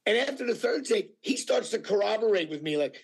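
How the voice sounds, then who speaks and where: A male actor telling anecdotes in a casual interview, animated and full of fillers, acting out what people said. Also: high-pitched, brisk, breathy edge. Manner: animated storyteller with many fillers, acting out quotes. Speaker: actor guest.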